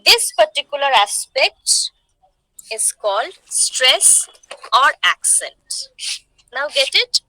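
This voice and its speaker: A woman with an Indian English accent lectures her class at an unhurried pace. Her voice sits high and sounds very bright. The recording is dry and close. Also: no echo, poor audio. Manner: explains slowly, repeats points, asks the class questions. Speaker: English teacher. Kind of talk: online lecture.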